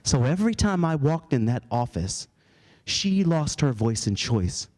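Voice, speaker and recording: A man's voice: medium pitch, big pitch swings, a little slow, dark tone. Guy doing a keynote talk at a conference, tells stories, chuckles at his own lines. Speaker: keynote speaker. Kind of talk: storytelling keynote speech. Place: conference hall.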